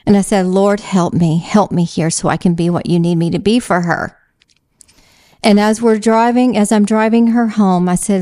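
A woman's voice: mid-range voice, steady tone, normal speed, warm tone, no room sound, clean studio sound. A middle-aged woman earnestly telling a Christian testimony and urging listeners on, repeating phrases for emphasis. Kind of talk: slow heartfelt testimony and exhortation.

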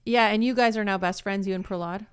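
Woman, podcast co-host, teasing blunt banter, crisp voice, dry room. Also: mid-range voice, fairly even intonation, fast, no echo. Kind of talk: casual chat.

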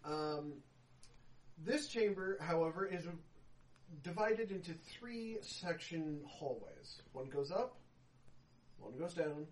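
A man's voice: fairly high pitch, expressive, takes it slowly, long pauses, a little hiss or hum. Laughing male game master, distant mic. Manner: laughing often, casual swearing. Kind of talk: narrating a tabletop game.

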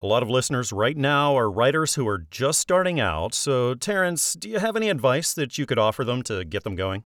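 A man with a mid-range voice who hosts an interview show, asking calm questions and introducing books. The sound is dry and close, with no room echo. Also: mid-range voice, a little fast. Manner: calm, prompts with soft hums. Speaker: radio show host. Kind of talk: interview hosting.

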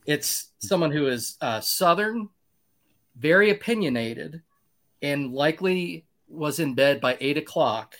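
A man co-hosting a casual podcast chat, his voice sitting a bit high and swinging widely in pitch. He jokes constantly and breaks into laughter between his points. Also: a little slow. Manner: laughs often, animated and joking. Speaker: podcast co-host.

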